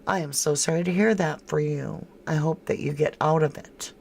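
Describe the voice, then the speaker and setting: A woman's voice: sits low, fairly even intonation, normal speed, creaky, a little mellow, slight background noise. A woman hosting a true crime livestream in casual commentary, thinking aloud and answering viewers' chat comments by name with frank disbelief.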